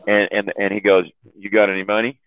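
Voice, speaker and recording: A man's voice: on the low side, monotone, a little fast, gravelly, no echo. A man telling a long profane story in casual chat, rambling and laughing at his own jokes. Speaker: chat room host telling stories. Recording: dry, phone-like audio.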